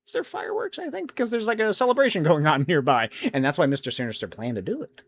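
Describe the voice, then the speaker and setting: A young man hosts a casual solo podcast, answering chat questions while thinking out loud, rambling and swearing freely. His voice sits on the higher side, and he talks very fast with lots of animation.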